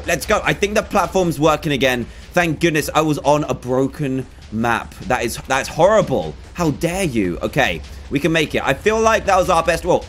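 A young man, giving excitable let's play commentary and groaning at failed jumps. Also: on the high side. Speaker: gaming YouTuber.

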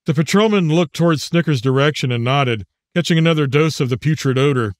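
A man narrating his own audiobook in a measured, even storytelling manner. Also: fairly high pitch, no room sound, clean studio sound.

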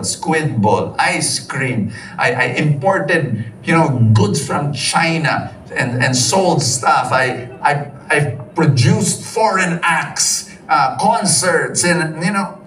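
A man with a Filipino accent preaching a sermon, switching between English and Tagalog in a lively way. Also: mid-range voice. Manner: lively, mixes English and Tagalog, sings briefly, laughs often. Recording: roomy, from some distance, faint background noise.

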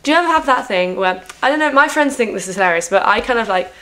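A woman's voice: on the high side, animated, quick pace, fairly bright tone. A teenage girl at home, chatting rambly and self-mocking to camera with lots of fillers and restarts. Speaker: vlogger. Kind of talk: rambling casual chat to camera.

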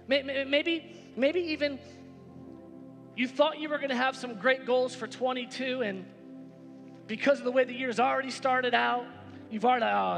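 Male pastor with a very high, sharp voice, preaching emphatically in a reverberant church hall with music underneath. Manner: emphatic, repetitive preaching with rising exclamations. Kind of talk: sermon. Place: church sanctuary.

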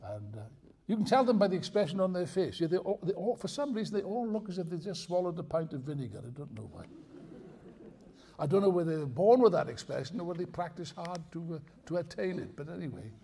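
A man's voice: high-pitched, big pitch swings, quick pace, vocal fry, dark tone, slightly rough. An older man giving a live lecture to an audience, emphatic and digressive, with wry asides and jokes. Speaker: speaker at a political festival.

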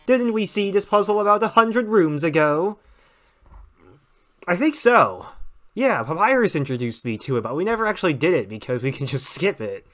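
A man's voice: sits high, very animated, moderate pace, a bit bright, soft background music. A man giving casual gameplay commentary with wry, sarcastic asides. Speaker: let's play gamer.

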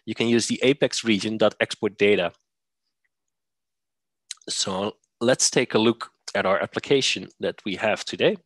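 Low-voiced man explaining software. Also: moderate pace, no room sound. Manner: methodical, explanatory, with "uh" fillers. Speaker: software presenter. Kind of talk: screen-share software demo.

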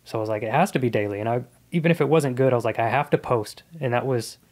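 Talking fast in a medium-pitched, slightly mellow voice, a thirtysomething comedian shares his life story as a podcast guest. The telling is casual, sincere and thoughtful.

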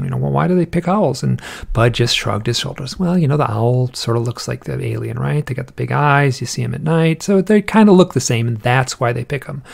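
A man with a gravelly, creaky voice talks loosely as an interview guest. He wanders through anecdotes, stops and restarts his sentences, and puts on little voices for the people he quotes. His pitch sits in an ordinary middle range. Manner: rambling, restarts often, acts out quoted voices. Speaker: podcast guest, author on owls and UFOs. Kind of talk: casual interview storytelling.

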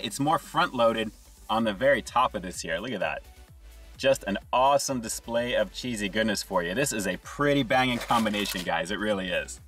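A man's voice: lowish voice, fairly bright tone, distant mic. A man giving an enthusiastic casual food review, chatting to viewers and calling them "guys" as he tastes. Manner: enthusiastic, repeats "guys" and "action".

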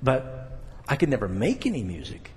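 A man's voice: mid-range voice, huge pitch swings, normal speed, a little mellow, slight background noise. Older man preaching in a reverberant hall. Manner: conversational preaching with rising emphatic points. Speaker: pastor. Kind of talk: sermon.

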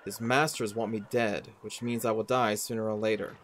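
A man's voice: lowish voice, flat delivery, normal speed, a bit bright, a little hiss or hum, pitched below the performer's own voice, close to an everyday voice. A man reading the lines of a guarded, defiant female elf wanderer in a game, in a terse, wary way.

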